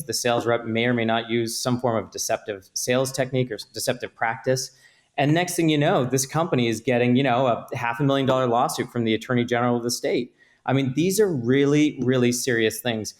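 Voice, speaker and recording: A man, an attorney guest on a podcast, explaining contracts and liability with measured, example-driven talk. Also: medium pitch. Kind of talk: podcast interview.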